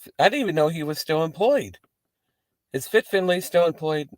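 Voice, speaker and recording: A man's voice: a little high, fairly quick, no room sound. Man ranting casually from his car. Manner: rambling, profane, animated asides. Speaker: wrestling show host. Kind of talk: casual talk to camera. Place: inside a parked car.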